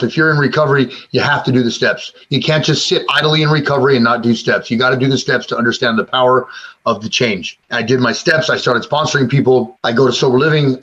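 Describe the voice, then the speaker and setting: A husky-voiced man with a mid-range, fairly bright tone tells a raw life story as an interviewee, a former gang member in recovery. He's blunt and emotional, swearing often, in candid personal storytelling captured with slightly dull lo-fi sound.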